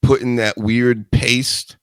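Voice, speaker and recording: A man's voice: medium pitch, little pitch movement, slow pace, fairly bright tone, clean tone, no echo. A man hosting a solo chat show into a studio mic, rambling and joking with crude asides. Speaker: show host.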